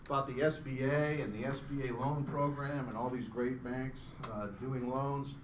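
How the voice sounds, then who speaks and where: Middle-aged male founder, casual self-deprecating live pitch; distant mic, faint hum behind. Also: fairly even intonation, moderate pace. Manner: chatty and self-deprecating, joking with the crowd. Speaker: startup founder presenting. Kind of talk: live pitch presentation to an audience. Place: event room with an audience. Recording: roomy sound from a distance, faint background hum.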